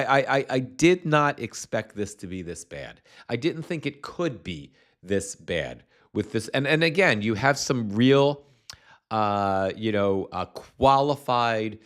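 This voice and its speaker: A man's voice: fairly low pitch, fairly bright tone. Profane, stammering angry male commentator. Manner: profane, stammering, incensed ranting. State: congested with postnasal drip. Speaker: political commentator streaming a hearing.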